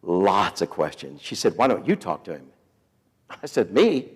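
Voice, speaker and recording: A man in his fifties telling a story as a sermon to students, folksy and animated, acting out the people he quotes. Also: deep voice, normal speed, husky. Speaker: week of prayer speaker. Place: school chapel or auditorium. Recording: hall reverb.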